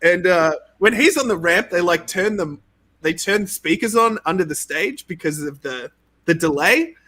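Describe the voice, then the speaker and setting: A man, a game creator being interviewed, telling stories in a casual, animated way, laughing often and saying "like" a lot. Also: sits high, normal speed. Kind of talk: casual storytelling.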